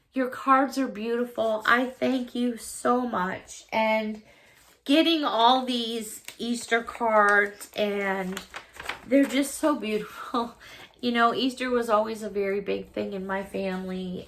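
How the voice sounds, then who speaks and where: A woman's voice: mid-range voice, creaky, fairly bright tone. A middle-aged woman chatting casually to camera as a YouTuber opening fan mail, effusive and full of thanks and exclamations.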